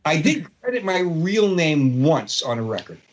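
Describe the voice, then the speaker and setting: Very animated at a moderate pace, a guitarist from Brooklyn, New York, in his sixties tells rambling stories in a casual interview, his slightly high voice carrying a Brooklyn accent. He uses many fillers and restarts. The recording has its highs cut off.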